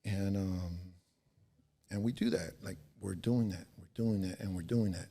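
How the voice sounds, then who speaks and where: A man's voice: sits low, fairly even intonation, unhurried, dark tone. A man in his forties, a podcast guest, tells a story in a laid-back, slangy way, swearing and checking in with "right?". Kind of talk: casual storytelling.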